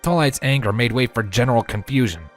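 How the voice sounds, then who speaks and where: A man narrating a fan fiction audiobook in a steady storytelling manner. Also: mid-range voice, quick pace, soft background music.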